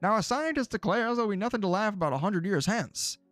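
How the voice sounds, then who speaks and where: A hammy old-time radio announcer from the fifties, as a man puts him on, pitched noticeably above his usual voice. He rolls out the lines with a brassy, theatrical cadence over a dry close mic, with faint music underneath. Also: expressive, fast talker, a bit bright, no room sound.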